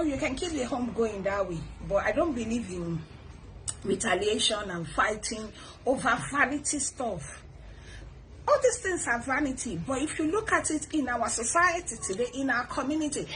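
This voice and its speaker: A middle-aged woman with a Nigerian accent hosts a casual advice talk, animated and a bit preachy. Her voice sits a touch high, and a faint noise hums behind her. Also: poor audio. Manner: animated, preachy, with laughs and repeated blessings. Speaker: host. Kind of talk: casual advice talk, reading viewer comments.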